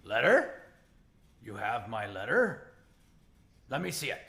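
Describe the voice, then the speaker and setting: A man's voice: medium pitch, huge pitch swings, slow, vocal fry, bright, forceful tone, heavily acted. A man voicing an impatient, grabby male troll who demands things pushily. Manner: demanding, pushy.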